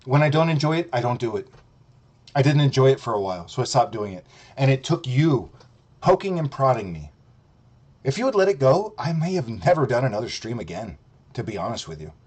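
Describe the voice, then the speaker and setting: A man's voice: mid-range voice, big pitch swings, fairly quick, a little mellow, slightly rough. Profane, heated male streamer ranting. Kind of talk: ranting commentary.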